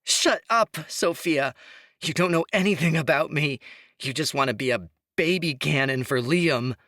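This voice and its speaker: A man voicing an angry, grieving young woman in shrill, tearful outbursts. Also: unhurried, fairly bright tone, no echo, studio quality. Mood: furious.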